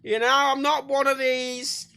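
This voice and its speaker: A man with a British accent voicing a mock macho "real man" who proclaims slowly and loudly. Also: very high voice, level tone, vocal fry, voice pushed up, exaggerated voice. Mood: blustering. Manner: loud, slow, proclaiming.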